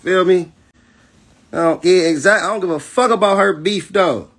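A man delivers a defiant, profane livestream rant as a battle rapper. His voice sits high for a man and has a husky edge. He talks aggressively and keeps checking in with his listeners. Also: moderate pace, a bit bright. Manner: keeps asking "you know what I'm saying".

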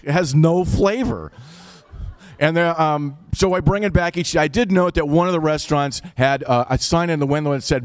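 A man's voice: on the high side, normal speed, no room sound. A man with an Upper Midwest accent telling a personal story live, in a casual, wry, profane way.

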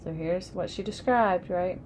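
A woman's voice: lowish voice, unhurried, a little mellow, a little hiss or hum. A woman reading a children's picture book aloud, adding casual asides about the pictures. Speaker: storybook reader.

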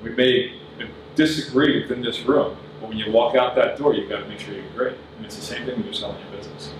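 A man's voice: medium pitch, steady tone, fast. A man giving a business talk at a conference, earnest and plain-spoken as he advises the audience. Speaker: conference speaker. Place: large conference room. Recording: very echoey hall, voice from far off, audible noise.

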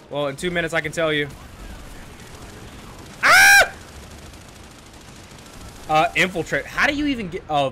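A man chats casually over his gameplay in a slightly higher, bright and forceful voice. He jokes with himself and breaks into loud outbursts. A faint hiss sits under the recording. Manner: chatty, joking, loud outbursts. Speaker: gaming YouTuber.

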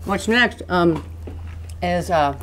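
A woman with a notably low voice talks through a recipe in a kitchen. She rambles and laughs easily, with a little faint noise behind her. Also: expressive, slow. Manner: chatty, rambling, laughs often. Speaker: cooking show host. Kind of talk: casual cooking demonstration.

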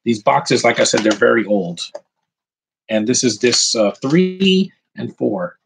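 A man's voice: medium pitch, sing-song, measured pace, creaky, slight background noise. A man in his thirties showing off his collectibles on camera, talking in an opinionated, rambling way with plenty of mild swearing. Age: 30s. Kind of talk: casual ranting vlog.

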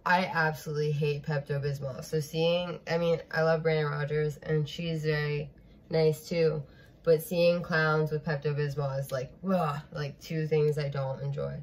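A woman's voice: low-pitched, flat delivery, moderate pace. A young woman hosting a reaction video, chatting casually, giggly and squeamish.

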